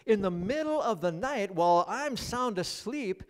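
Lively, joking male pastor preaching. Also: sits high, normal speed. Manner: joking, animated storyteller addressing the congregation. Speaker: guest pastor. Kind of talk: sermon. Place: church service.

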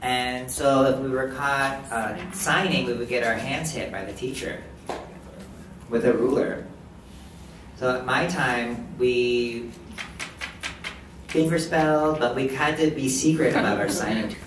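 Speaking at a measured pace with long pauses, this man has a mid-range voice. As a live interpreter he renders a deaf presenter's signed story in first person, with short restarts. The sound is echoey and noisy, from a distant mic in a hall.

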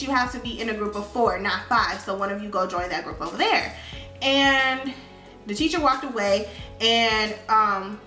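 A young woman tells a school story in a casual, animated storytime way, dropping into slangy phrasing. Her voice sits a little high and sounds bright. The recording is roomy and echoey, with faint music underneath. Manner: animated retelling with slangy talk. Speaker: vlogger.

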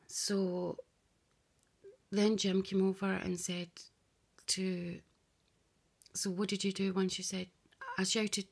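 Woman muttering a long rambling story to herself, gravelly, half whispering, answering her own questions. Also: medium pitch, flat delivery, slow pace. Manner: hushed, often drops to a whisper; meandering and confiding, voices both sides of an imagined dialogue. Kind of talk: rambling spoken monologue to camera.

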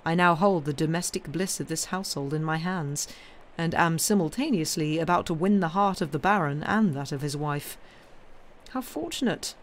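Woman reading as a smooth scheming count. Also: deep voice, normal speed, slight background noise, close to an everyday voice. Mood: pleased. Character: cool, scheming nobleman count.

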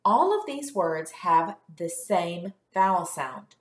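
A woman teacher leads young children through a phonics lesson, sounding out words slowly and clearly for them to repeat. She speaks at an unhurried pace, and her voice carries in a roomy, echoing space. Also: fairly low pitch, big pitch swings. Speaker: first grade teacher.

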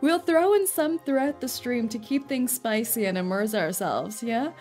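A woman's voice: fairly high pitch, expressive, normal speed, a little mellow, faint music behind. A woman streaming a game in casual chat, playful and rambling, with frequent giggles. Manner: giggly, laughs often between thoughts.

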